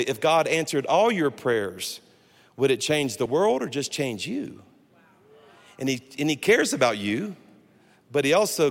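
Sermon casting: man, 60s, fairly high voice, funny animated preacher, long church reverb. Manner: animated storytelling with humor. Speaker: guest pastor. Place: church sanctuary.

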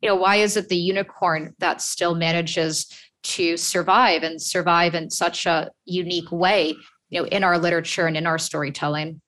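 A woman hosting a podcast interview asks long, rambling questions dotted with fillers. Her voice sits on the low side for a woman. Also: steady tone, normal speed, fairly bright tone. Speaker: podcast host.

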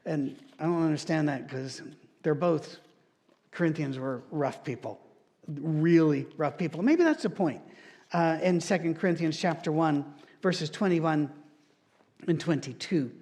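A man's voice: on the high side, darkish tone. A male pastor, preaching a sermon and telling stories with strong emphasis. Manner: storytelling, emphatic, mock-quotes others in shifted voices.

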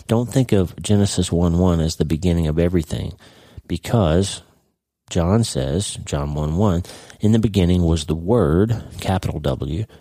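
Deep, earnest male Bible teacher. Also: dark tone, no echo. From Oklahoma, United States. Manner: earnest, slows down on key phrases. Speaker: podcast host and Bible teacher. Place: ranch.

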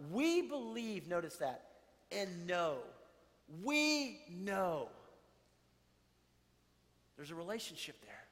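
A man's voice: high-pitched, sing-song, slow pace, pauses often, fairly bright tone. A man preaching a sermon, reading scripture and animatedly acting out the voices of the crowd. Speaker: pastor. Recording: long hall reverb.

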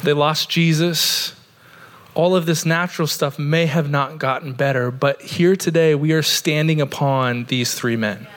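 A man's voice: on the high side, fairly even intonation, unhurried, a bit bright. A man in his thirties from Oregon, preaching a sermon in a church in an earnest, conversational way, with lots of "like" fillers. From Oregon, USA. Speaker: pastor. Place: church sanctuary.

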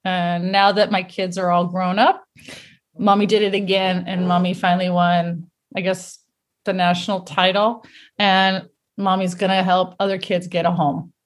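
Animated middle-aged woman telling stories. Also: fairly low pitch, normal speed. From United States. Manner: animated storyteller, laughs often. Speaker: guest. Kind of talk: casual interview chat.

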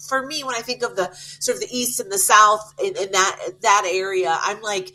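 A woman's voice: medium pitch, fairly even intonation, normal speed, sharp tone, rough recording. A woman co-hosting an interview podcast, asking eager questions and cutting in with enthusiastic interruptions. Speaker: podcast co-host. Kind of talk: casual interview chat.

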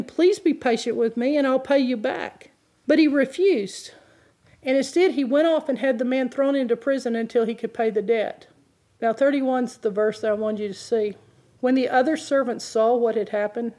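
A woman's voice: a little high, a little mellow. A woman preaching a sermon, telling stories and reading scripture in an earnest, emphatic way.

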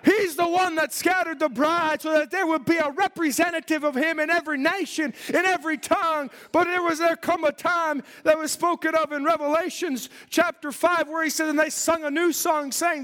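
High-voiced fervent man preaching in a hall. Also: steady tone, normal speed, few pauses, fairly bright tone. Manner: fervent, preachy, quoting scripture in old-style English. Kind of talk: sermon.

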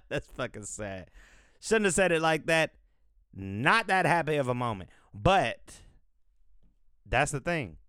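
A man's voice: a little high, very animated, slow pace, pauses often, fairly bright tone, clean tone, no room sound, clean studio sound. A man hosting a podcast, talking in a loose, profane, rambling way as he thinks aloud. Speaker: podcast host. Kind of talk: casual rambling commentary.

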